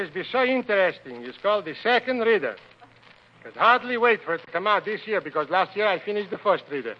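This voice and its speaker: An actor playing a bumbling male restaurant owner who speaks comic broken English with mangled grammar, in a 1940s radio comedy. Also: sits high. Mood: chatty. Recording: noisy, dull old radio broadcast.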